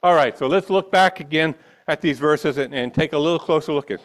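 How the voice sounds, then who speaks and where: A man's voice: fairly high pitch, brisk. A man preaching a sermon, reading scripture and then pressing his listeners with rhetorical questions and emphatic repetition. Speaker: pastor.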